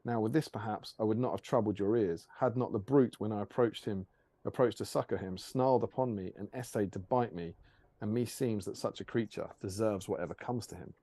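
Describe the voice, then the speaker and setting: A man reading aloud as a proud young elf princess, speaking loud and haughty. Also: lowish voice, fairly quick, dry recording. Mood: urgent. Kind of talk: storybook reading.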